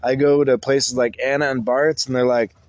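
A young man co-hosting a casual podcast, telling rambling stories with lots of halting restarts. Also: mid-range voice, level tone, no room sound, lo-fi sound. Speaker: podcast co-host. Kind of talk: casual chat.

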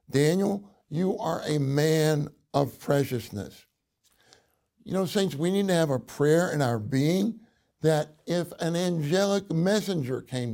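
A male minister delivers a sermon with slow, measured pacing and a gravelly rasp in his voice. His tone is dark and mellow, and his pitch sits a little higher than most men's. He drives his points home by deliberately repeating key phrases. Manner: slow, deliberate preaching with emphatic repetition. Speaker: minister speaking to a congregation.

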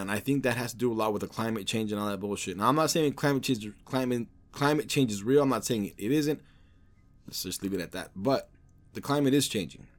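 A man hosting a podcast, talking in a casual, rambling, offhand way with heavy swearing. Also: mid-range voice. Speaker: podcast host.

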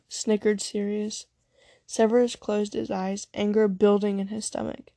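Female story reader, dark gravelly voice, dry close sound. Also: medium pitch, flat delivery, a little slow, no echo. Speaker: reader of fan fiction. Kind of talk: reading a story aloud.

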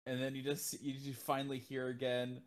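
Man, podcast co-host, animated casual chat, laughing, acts out lines. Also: medium pitch, fairly quick.

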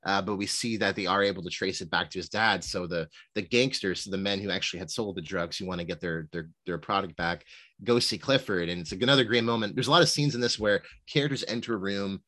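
A man's voice: low voice, fast talker, bright, forceful tone, no room sound. A man co-hosting a movie podcast, talking in a rambling, casual way full of fillers and retold movie lines. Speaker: podcast co-host. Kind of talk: casual film discussion.

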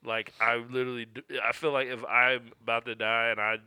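A man's voice: mid-range voice, little pitch movement, brisk, pushed and bright, clear, resonant tone, no room sound. A man co-hosting a casual podcast interview from his home, slangy and teasing, full of jokes. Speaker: podcast co-host. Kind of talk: casual chat.

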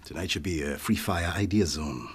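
A man's voice: low-pitched, normal speed, background noise, natural voice. An actor playing a crude, swaggering middle-aged male boss in a sitcom, swearing bluntly with a put-on transatlantic twang. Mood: brash. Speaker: sitcom character.

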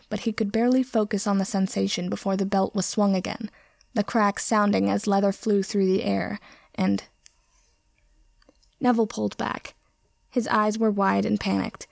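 A woman reading fan fiction aloud in a steady, plain storytelling manner. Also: medium pitch, gravelly, dry recording, studio quality. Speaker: reader.

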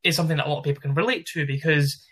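A man from Scotland with a Glasgow accent, a podcast guest who explains his work as a mindset development practitioner in a measured, articulate way. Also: on the high side, steady tone, fairly bright tone, breathy edge, low-quality recording. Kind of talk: explaining in an interview.

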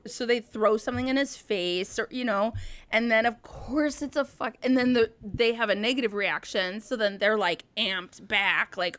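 A woman's voice: on the high side, moderate pace, fairly bright tone. A woman in casual chat as a podcast co-host, blunt and swearing freely.

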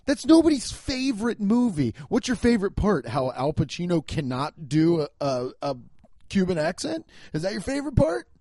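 In studio-quality sound with no room echo, a podcast host launches into a comedic rant, swearing often and laughing as he riffs animatedly. His voice sits a little high and moves at a moderate pace.

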